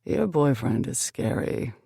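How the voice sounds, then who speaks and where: A woman narrator plays a bossy, teasing young man in a romance audiobook. He talks slowly and playfully, a touch deeper than her normal voice, with a gravelly grain. The sound is close and dry. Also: expressive, mellow, no room sound, full character voice. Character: teasing, bossy young male best friend.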